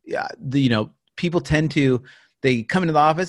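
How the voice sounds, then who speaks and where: A man co-hosting a casual business podcast, chatty and quick to laugh, often restarting his sentences. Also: medium pitch, no echo, clean studio sound. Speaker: podcast co-host. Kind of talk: casual chat.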